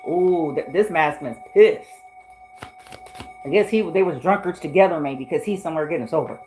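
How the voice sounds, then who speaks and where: A woman's voice: lowish voice, normal speed, darkish tone, faint music behind, low-quality recording. A woman giving a spoken tarot reading in a blunt, profane, slangy way. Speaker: tarot reader.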